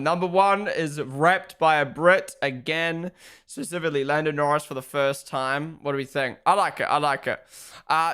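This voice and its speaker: A young man talking casually to his live stream audience from a room at home. He is excitable and chatty and swears freely. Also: fairly high pitch, clear, resonant tone. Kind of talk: casual live watch-along commentary.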